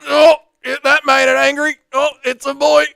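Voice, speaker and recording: A man doing an excited wildlife host impression. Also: very high-pitched, normal speed, vocal fry, no echo, voice pushed up, exaggerated voice. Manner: excited, exclamatory.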